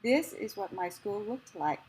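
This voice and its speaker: A small, gentle elderly grandmother speaks softly and haltingly, in a woman's reading voice. The pace is unhurried, and the pitch stays close to the reader's own. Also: animated, husky, rough recording. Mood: moved. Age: older.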